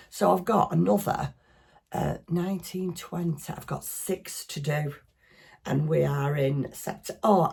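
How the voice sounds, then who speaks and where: Low gravelly Northern English woman chatting. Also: a little mellow. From northwest England. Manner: chatty, rambling, self-deprecating. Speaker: craft vlogger. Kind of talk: casual craft chat.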